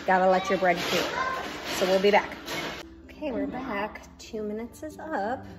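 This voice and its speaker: A woman home cooking vlogger talks through her baking in a chatty, gushing kitchen vlog full of fillers. Her mid-range voice has lively intonation at normal speed, with loud music behind her.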